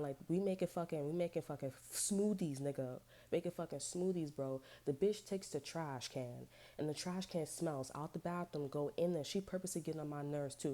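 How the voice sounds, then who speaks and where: Low-voiced woman ranting in slang. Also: warm tone. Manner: profane, slangy and rambling. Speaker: vlogger. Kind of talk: casual storytime rant.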